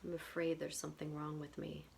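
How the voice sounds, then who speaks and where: A woman guiding a tapping session in a whispered role-play, speaking slow phrases for the listener to repeat. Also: sits low, monotone, creaky, a little mellow, slight background noise. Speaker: EFT tapping guide.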